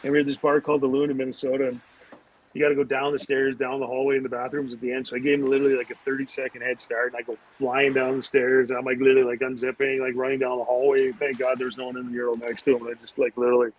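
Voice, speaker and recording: A man's voice: medium pitch, very fast. A man, a former pro hockey player, telling rambling casual stories as a podcast guest, full of fillers and restarts. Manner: rambling, animated anecdotes with many fillers. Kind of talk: casual storytelling. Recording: dull lo-fi audio.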